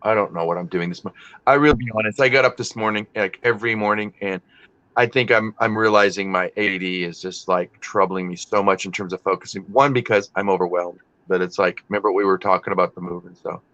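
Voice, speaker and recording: A man chats casually as he hosts a live stream, talking in loose, rambling runs that break off mid-thought and swearing without care. His voice is bright and forceful, and it comes through dull, lo-fi stream audio. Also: on the low side, fairly even intonation, quick pace. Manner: rambling, self-interrupting, swears freely. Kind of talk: casual chat while working.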